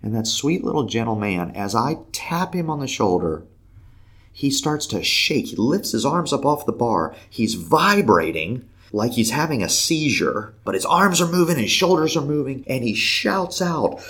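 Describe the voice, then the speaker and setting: A man telling a faith story in a lively conversational way, acting out the voices of the people in it. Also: medium pitch, moderate pace, breathy edge. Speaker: podcast guest telling a story. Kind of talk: animated storytelling.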